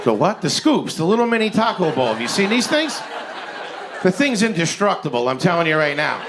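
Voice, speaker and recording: Guy in his 40s doing stand-up, kinda high-pitched, animated and ranty, lots of room noise behind. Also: a little fast. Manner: animated incredulous ranting. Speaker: stand-up comedian. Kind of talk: stand-up comedy set. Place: comedy stage before a live audience.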